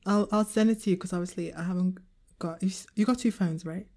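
A woman's voice: fairly low pitch, quick pace. Laughing woman in casual banter. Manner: laughs easily, relaxed banter. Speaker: podcast co-host. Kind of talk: casual chat.

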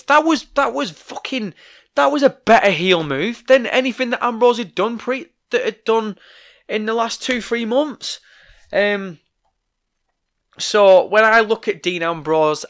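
A young man delivers a fired-up, profane solo commentary with a fairly high voice. His voice is straining and going hoarse as he rants, firing off his opinions fast and loud. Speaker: wrestling news host.

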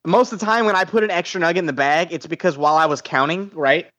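A man's voice: fairly high pitch, fast, a bit bright, dull audio. Rambling, cursing man on a call. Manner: rambling, swears a lot, many restarts. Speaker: guest. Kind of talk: casual podcast chat.

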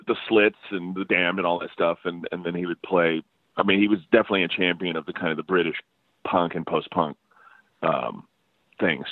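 A man's voice: sits low, dry recording. A man telling stories as a guest musician in a casual interview, rambling and laughing with many restarts. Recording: dry phone-line sound.

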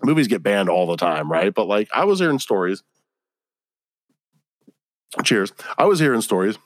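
A man rants on his solo podcast, swearing freely and piling on slang. His pitch leaps and drops all over the place as he gets worked up, and the sound is close and dry with no room in it. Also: dry recording. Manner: profane, exasperated ranting full of slang. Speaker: podcast host. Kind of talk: casual solo podcast rant.

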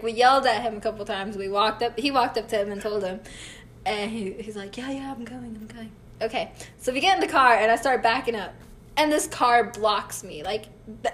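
A woman's voice: a little high, a bit bright. A woman telling a story in casual chat, acting out quotes and laughing often.

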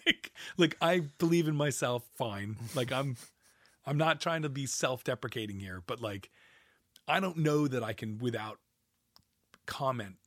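A man, a composer, telling long, animated stories in a casual conversation, full of fillers and swearing. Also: medium pitch, a little slow, no room sound, studio quality. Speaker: guest, composer.

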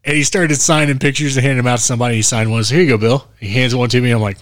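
A man's voice: medium pitch, very fast, no echo. Man telling a road story, dry close mic. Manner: animated, acts out quotes of others. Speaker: podcast co-host. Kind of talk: casual storytelling.

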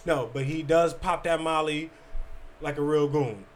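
A man co-hosting a podcast, telling a story in casual, animated chat, swearing freely and acting out quotes. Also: a little high, unhurried, a little hiss or hum. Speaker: podcast co-host.

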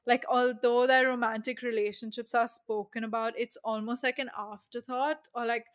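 A young woman co-hosting a casual chat, speaking in a thoughtful, measured way with soft fillers. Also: fairly high pitch, level tone. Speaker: podcast co-host.

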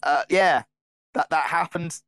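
A man's voice: a little high, measured pace, a bit bright, dry recording. A man rambling through a podcast chat with a slightly raised voice, tripping over his words and laughing along. The sound is dry, with no room to speak of. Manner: rambling, self-correcting, laughs often. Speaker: podcast co-host. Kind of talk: casual chat.

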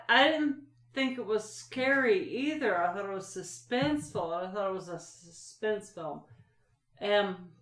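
A woman with a Southern US accent, arguing her view on a podcast and pushing back on the others. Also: medium pitch. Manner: argumentative, pushes back. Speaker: co-host. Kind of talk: casual podcast chat. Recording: echoey room.

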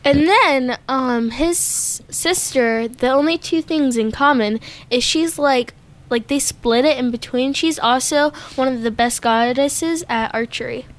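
Chatty female co-host, fairly high voice, rambling delivery. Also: unhurried. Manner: chatty, filler-heavy, giggly. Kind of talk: casual chat.

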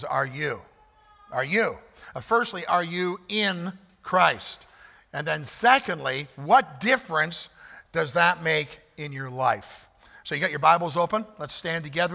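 A man's voice: on the high side, vocal fry, bright, forceful tone. A male pastor preaching a sermon in earnest, repeating phrases and reading scripture, with occasional fillers. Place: church sanctuary. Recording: reverberant hall.

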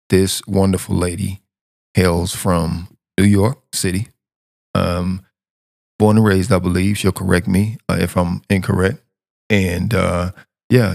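A man's voice: sits low, creaky, a little mellow, no room sound, clean studio sound. A man hosting a podcast, introducing and questioning a guest in a rambling way, often repeating and restarting his words. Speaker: podcast host. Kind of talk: casual podcast interview.

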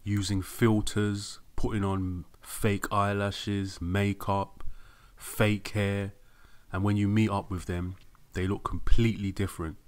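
Man, co-host, flat delivery, low-ish voice, dry mock-stern commentary. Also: slow. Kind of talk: casual commentary.

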